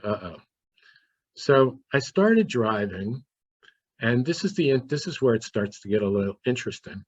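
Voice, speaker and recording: Male guest, mid-pitched, earnest storyteller voicing his inner monologue; dull lo-fi sound. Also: animated, moderate pace, slightly rough, dry recording. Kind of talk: personal storytelling. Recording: dull, dry lo-fi recording.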